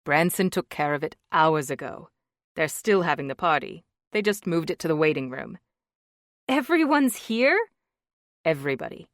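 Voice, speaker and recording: A woman reading an audiobook, voicing a gentle, playful young husband in a lowered voice. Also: brisk, no room sound, studio quality, lightly acted. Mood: teasing. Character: tender joking young husband, man. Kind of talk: audiobook character voice.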